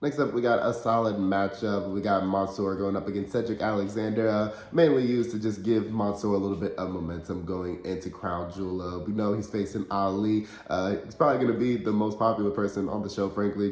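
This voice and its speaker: Male podcast host, lowish voice, frank and chatty delivery, roomy echo on the recording. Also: darkish tone. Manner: blunt, conversational, frank opinions with filler words. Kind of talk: casual wrestling recap commentary. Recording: roomy echoey room.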